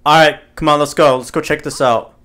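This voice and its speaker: A young man streaming a VR game, bossily shouting orders and teasing other players with loud playful trash talk. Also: fairly high pitch, steady tone, fairly quick, soft background music. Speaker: streamer leading a group in a VR game.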